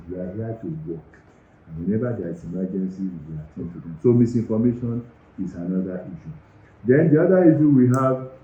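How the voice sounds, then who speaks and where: A man's voice: lowish voice, dark tone. A middle-aged man with a Nigerian accent, a university medical director giving earnest, emphatic interview answers in an office. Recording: roomy, slightly dull recording.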